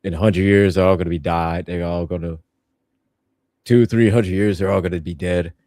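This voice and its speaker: A man's voice: low voice, steady tone, normal speed, warm tone, no room sound, studio quality, natural voice. A man voicing a blunt alien father lecturing his son.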